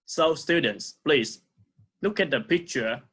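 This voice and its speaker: A man with a Vietnamese accent teaching an English lesson to young pupils, saying words slowly and repeating them for the class. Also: a little high, lively intonation, fairly bright tone, breathy edge. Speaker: primary school English teacher. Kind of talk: recorded online lesson.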